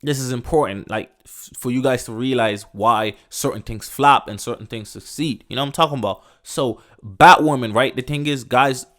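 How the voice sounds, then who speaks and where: This podcast host goes on a casual rant in a medium-pitched, fairly bright voice at normal speed. He's loose, profane and emphatic, rambling and restarting sentences while tossing in "bro" and "you know what I'm saying."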